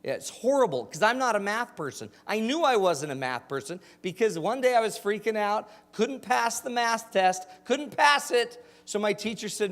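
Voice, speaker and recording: A man's voice: high-pitched, moderate pace, creaky. A man in his forties from Utah, a motivational speaker telling funny personal stories and quizzing his audience. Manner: animated, jokey, asks the audience questions. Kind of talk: storytelling keynote talk. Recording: hall with long reverb.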